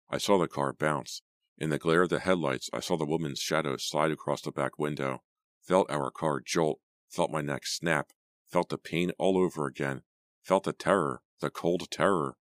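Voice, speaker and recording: A man narrating an audiobook in a measured, even storytelling manner. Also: very deep voice, dry recording, clean studio sound. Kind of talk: scripted narration.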